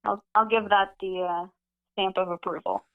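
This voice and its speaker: A woman's voice: mid-range voice, steady tone, moderate pace, background noise. A woman calling in to a live stream, chatting with wry, dry humor. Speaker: caller. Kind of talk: call-in chat. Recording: tinny phone line.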